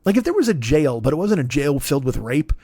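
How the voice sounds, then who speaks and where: A man's voice: a little high, big pitch swings, fast, warm tone, no echo, clean studio sound. A man in his fifties hosting a comedy podcast, rambling in a profane, self-deprecating monologue. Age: 50s. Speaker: podcast host.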